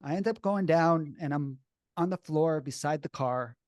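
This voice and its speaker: Animated man telling a story, dry sound. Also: fairly high pitch, normal speed, no echo. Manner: animated, blunt, swears freely. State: shaky and upset while recalling. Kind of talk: casual personal storytelling.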